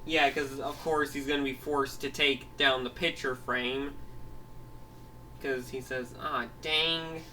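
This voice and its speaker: A man's voice: medium pitch, level tone, measured pace, bright, forceful tone. A man telling a made-up story in a rambling way, full of restarts and laughs. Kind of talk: improvised storytelling. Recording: voice heard from a distance, faint noise.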